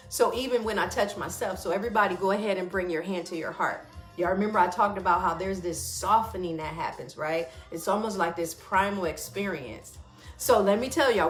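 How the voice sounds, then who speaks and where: A woman's voice: mid-range voice, a bit bright, reverberant. A middle-aged woman hosting a casual spoken reflection and guided practice, often checking in with her listeners. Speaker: wellness teacher and host.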